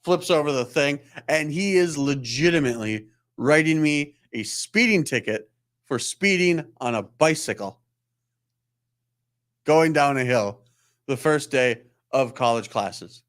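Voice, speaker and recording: A man's voice: on the high side, animated, a little slow, a bit bright. A man, a chiropractor hosting a live show, telling a rambling, self-deprecating story in casual chat. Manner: rambling, self-deprecating, acts out quoted voices.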